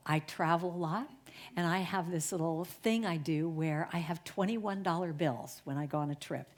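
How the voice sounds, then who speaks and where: A middle-aged woman giving a storytelling sermon as a guest speaker, chatty and animated, often laughing. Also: fairly low pitch. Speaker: guest speaker at a spiritual center.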